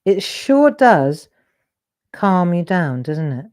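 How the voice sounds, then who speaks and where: A middle-aged woman chats casually as she draws live, hosting the demonstration as a craft demonstrator, rambling and interrupting herself along the way. Her voice is fairly low and darkish in tone, very animated but slow-paced.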